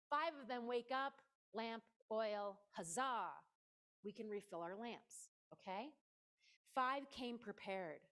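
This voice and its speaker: A woman's voice: sits high, a bit bright. A woman preaching a conversational sermon in a church, playful and emphatic, often stopping to speak directly to her listeners.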